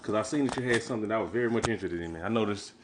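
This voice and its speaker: A man hosting a casual interview, asking questions in a relaxed, slangy way and often speaking softly. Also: fairly low pitch, very fast, noisy background. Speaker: interview host.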